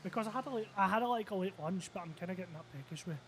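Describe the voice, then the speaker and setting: A man's voice: sits high, a little hiss or hum. A man streaming live, chatting casually and thinking aloud. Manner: rambling, thinks aloud, quick asides.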